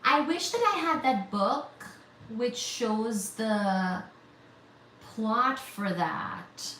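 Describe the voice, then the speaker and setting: A woman's voice: fairly high pitch, animated, extremely slow, a bit bright. A woman from India chats casually with her livestream viewers, reading their comments out and answering with teasing humor. She takes her time, speaking unhurriedly. The room around her rings with echo, and a faint noise sits under her voice. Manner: reads viewer comments aloud and answers them, teasing and chatty. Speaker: livestream host of a physics channel.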